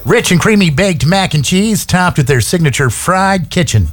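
A man's voice: high voice, lively intonation, moderate pace, faint music behind. A man hosting a radio show, chatting casually and joking with many filler words. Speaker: radio host. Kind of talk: casual on-air chat. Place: radio studio.

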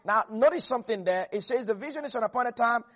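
A man's voice: very high-pitched, fast talker, fairly bright tone, dull audio. A man preaching a sermon, emphatic, reading scripture and calling on the congregation to repeat phrases after him.

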